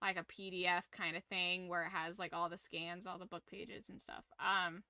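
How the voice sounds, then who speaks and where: A woman live-streaming to her viewers, talking in an animated, rambling way. Her voice is very bright and crisp, recorded dry and close. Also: fairly low pitch, moderate pace, no room sound. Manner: animated, rambling fan enthusiasm with frequent laughs. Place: home room with her collectibles behind her.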